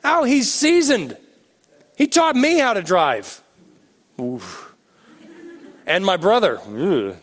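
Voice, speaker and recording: A young man preaching a sermon as pastor, animated and joking, turning slow and hushed when he prays. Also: high-pitched.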